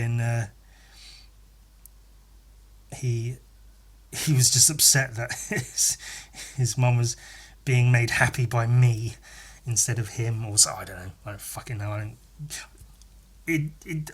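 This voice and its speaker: A man's voice: medium pitch, unhurried, bright, forceful tone. Male podcast host, rambling and profane, exasperated tone, casual solo rant. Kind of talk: casual ranting monologue.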